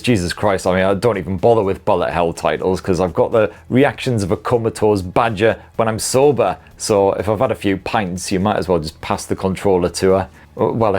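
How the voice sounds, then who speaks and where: A man in his forties with a lowish voice hosts a tech show. He reads out viewer comments and riffs on them with sweary, self-deprecating humour. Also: darkish tone. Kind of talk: live stream chat reading viewer comments.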